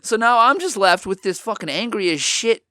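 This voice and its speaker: A man telling a story in casual chat, animated, swearing often and acting out what people said. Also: high-pitched, moderate pace, dry recording, studio quality. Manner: animated, swears a lot, acts out quotes. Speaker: podcast co-host.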